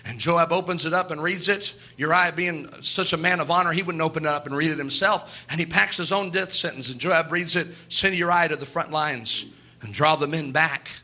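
A man's voice: on the high side, brisk, bright, forceful tone. A man preaching a sermon, telling Bible stories and acting out the characters' voices, building up with emphatic repetition. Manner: storytelling, acts out Bible characters in quoted voices.

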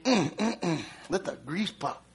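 High-voiced, slow-preaching male preacher. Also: very animated, gravelly, background noise. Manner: repetitive refrains, calls to the congregation; dramatic storytelling, builds to shouts. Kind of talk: sermon.

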